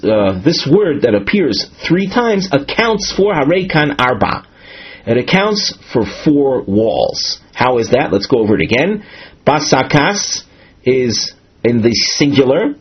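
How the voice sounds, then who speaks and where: A man's voice: mid-range voice, breathy edge, lo-fi sound. A man teaching a Talmud study lesson, explaining step by step with frequent restarts and Hebrew terms.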